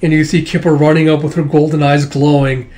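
A man's voice: a little high, flat delivery, brisk, warm tone. Rambling man reading a comic aloud. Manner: rambling, many fillers, swears. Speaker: comic book reader and reviewer. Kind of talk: casual read-along of a comic.

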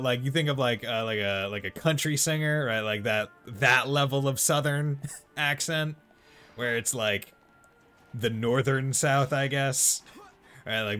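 A man's voice: medium pitch, pushed and bright. A man with a Boston accent streaming a video game, chatting casually and rambling with lots of fillers. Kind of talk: casual let's-play chat. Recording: faint game music behind.

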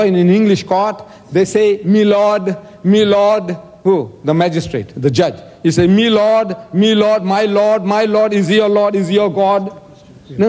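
A man's voice: high voice, mellow, long reverb tail. A man giving an emphatic debate speech, quoting scripture and asking rhetorical questions.

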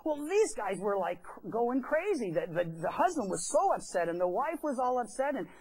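A man's voice: very high-pitched, sing-song, normal speed, a little mellow, poor audio. A pastor telling a story during a sermon in a church. He talks in a chatty way and acts out the quoted voices. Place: church sanctuary.

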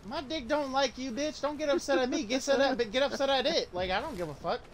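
A young man with a high-pitched voice tells crude, boastful stories, swearing constantly and laughing at his own lines. His voice comes through a voice-chat mic with a clear layer of noise hissing behind it. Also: quick pace. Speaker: gamer telling stories. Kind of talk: casual chat over voice call.

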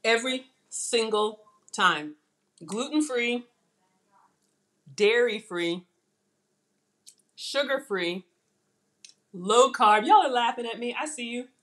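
A woman's voice: fairly high pitch, lively intonation, slow, long pauses, fairly bright tone. A middle-aged woman hosting a live cooking stream in her home kitchen, chatting casually, laughing and reading viewer comments aloud.

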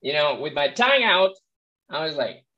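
Excitable guy in an interview, voice jumps all over, restarts a lot. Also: moderate pace, lo-fi sound, a crowd in the background. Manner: animated, acts out quotes with big pitch jumps; frequent restarts and fillers, excitable. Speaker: tenor and vocal coach, interview guest. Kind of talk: casual storytelling interview.

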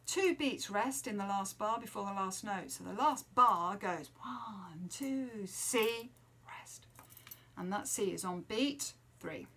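A woman's voice: medium pitch, expressive, normal speed, hardly any pauses, pushed and bright. A woman teaching children a trumpet lesson from home, explaining a tune and counting and singing the rhythms aloud.

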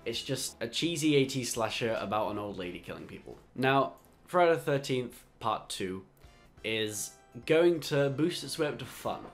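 A man's voice: mid-range voice, moderate pace, faint music behind. A man with a nasal, congested voice because he is ill, hosting a horror film channel and talking through a casual review. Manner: relaxed, chatty, loose phrasing.

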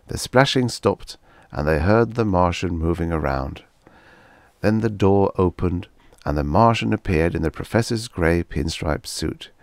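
A man narrating vintage science fiction short stories in a measured, storytelling delivery. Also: sits low, no room sound, studio quality. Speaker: audiobook narrator.

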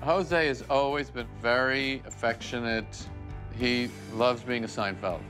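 A man's voice: medium pitch, measured pace, music in the background. A man giving a dry, sardonic interview about his dog for a reality show. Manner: deadpan, sardonic.

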